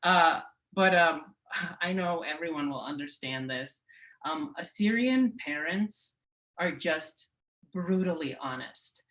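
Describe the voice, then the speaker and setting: A woman's voice: sits low, takes it slowly, low-quality recording. Wry woman comic in her thirties. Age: 30s. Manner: wry, deadpan storytelling. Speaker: stand-up comedian. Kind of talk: stand-up comedy set.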